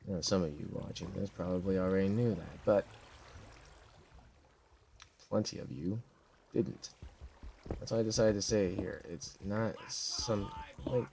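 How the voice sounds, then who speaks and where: Deep-voiced young guy, tired, rambling deadpan commentary over his game. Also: unhurried, creaky, pauses often, slight background noise. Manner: rambling, deadpan, with sudden loud outbursts. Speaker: gameplay commentator. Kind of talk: casual gameplay commentary.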